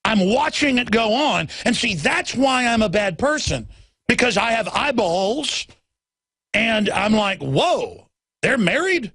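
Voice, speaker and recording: A middle-aged man hosting a talk show, ranting hard in a high, gravelly voice that swings wildly up and down. He keeps acting out other people's lines. The sound is dry and close. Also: animated, unhurried, fairly bright tone, no room sound. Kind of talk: impassioned monologue.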